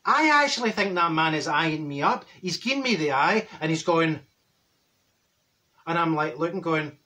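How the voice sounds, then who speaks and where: A man voices a straight-talking older Glaswegian woman, his fairly high voice pushed and bright with lively intonation at normal speed. His comic story is gossipy and chatty, delivered in a broad Glaswegian Scottish accent that keeps dropping in "wee" and "right?".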